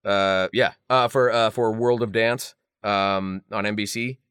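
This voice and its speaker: A middle-aged male voice actor, a guest in a casual interview, telling animated, self-mocking stories with lots of fillers. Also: lowish voice, unhurried, smooth, no echo, studio quality.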